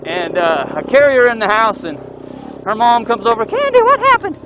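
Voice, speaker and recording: With background noise behind him, a man speaking high at normal speed narrates a long tale as he rides an off-road motorcycle trail for his vlog. He's animated throughout, whooping and yelling as he goes.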